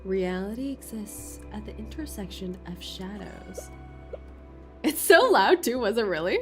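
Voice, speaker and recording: A woman streamer with a medium-pitched, fairly bright voice speaks in an animated but unhurried way. Over game music, she gives playful, slangy commentary during a casual playthrough.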